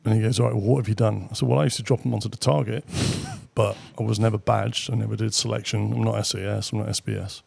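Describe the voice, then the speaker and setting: A middle-aged man with a British accent tells war stories in a relaxed, anecdotal way, tossing in asides and casual swearing. His voice sits low and heavy with a gravelly fry. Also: quick pace, few pauses. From Britain. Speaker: guest, former military pilot. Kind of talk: casual storytelling.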